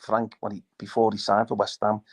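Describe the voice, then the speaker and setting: A man's voice: on the low side, completely flat delivery, a little fast. An older man, a former footballer telling stories in casual chat, quoting people as he goes. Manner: storytelling with acted quotes. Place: live online chat.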